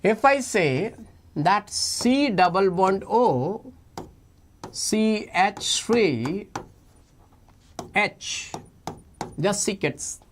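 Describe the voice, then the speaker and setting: A man teaching chemistry for an exam in a playful, animated lecture, often repeating his phrases. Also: high voice, slight background noise. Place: online class recording.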